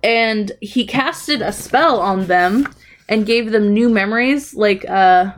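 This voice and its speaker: A woman's voice: medium pitch, slow pace, slight background noise. Woman rambling through a casual recap. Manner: rambling, profane storytelling with frequent fillers. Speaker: podcast co-host recapping a TV episode. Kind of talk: casual chat.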